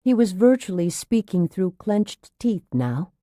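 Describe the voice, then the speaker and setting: A woman reading a thriller audiobook aloud in a tense, steady narration. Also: medium pitch, unhurried, dry recording, clean studio sound. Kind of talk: scripted narration.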